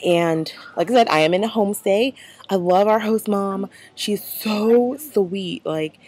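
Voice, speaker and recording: A woman's voice: medium pitch, normal speed, darkish tone. A young American woman vlogging casually, chatty and rambling with lots of fillers. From United States. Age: young adult. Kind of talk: casual vlog.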